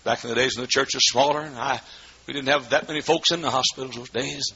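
A man preaching a sermon as pastor in a church, swinging between shouted fervor and hushed storytelling. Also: medium pitch, steady tone, fast, creaky, breathy edge. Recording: dull lo-fi recording with faint noise.

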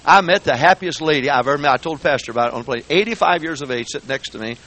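A man preaching a folksy, joking sermon in a church, swinging between quiet asides and shouting. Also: a little high, racing. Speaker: guest preacher. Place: church sanctuary.

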